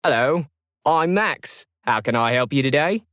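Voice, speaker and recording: A man voicing a calm, polite male customer service agent with an unplaceable accent in an audio story. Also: medium pitch, a little slow, dry recording, clean studio sound, voice pushed up.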